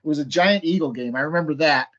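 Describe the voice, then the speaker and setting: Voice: mid-range voice, fast, a bit bright. Podcast host on a dull line. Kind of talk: casual podcast chat.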